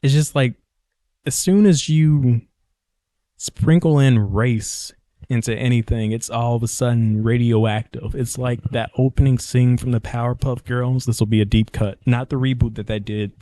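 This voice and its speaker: A young man talks through his own podcast in a loose, joking monologue. He drifts between thoughts and corrects himself partway through sentences. His voice sits at an ordinary middle pitch, and the sound is close and dry with no room echo. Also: warm tone. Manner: rambling, jokey, often corrects himself mid-sentence. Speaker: podcast host. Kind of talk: casual solo podcast monologue.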